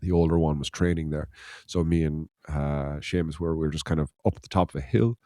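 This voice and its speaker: A man's voice: rumbling low, steady tone, a little fast, dark tone, dry recording, clean studio sound. A man from Ireland, a podcast co-host, telling a rambling anecdote in casual chat, laughing and swearing as he goes.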